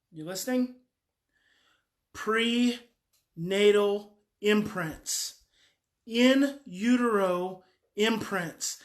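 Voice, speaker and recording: High-voiced, emphatic woman coach. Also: a bit bright. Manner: emphatic and repetitive; frank, mild swearing. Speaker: parenting coach. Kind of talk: live daily talk.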